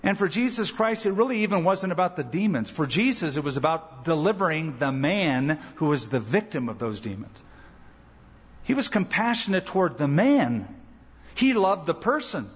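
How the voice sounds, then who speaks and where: A man preaching a sermon as pastor, animated, acting out quoted voices. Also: normal speed, breathy edge. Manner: animated, acts out quoted voices with rising pitch. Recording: dull church recording with long reverb.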